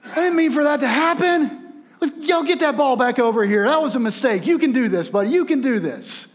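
A man voicing a smug, taunting rich male pro wrestler, shouting in a loud, mock-sweet tone. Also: extremely high pitch, expressive, a little fast, voice pushed up. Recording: long reverb of a large hall.

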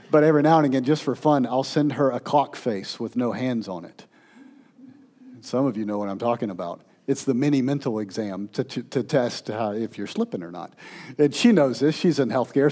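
A man, a pastor, telling stories in a sermon, turning from playful to hushed and tender. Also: mid-range voice.

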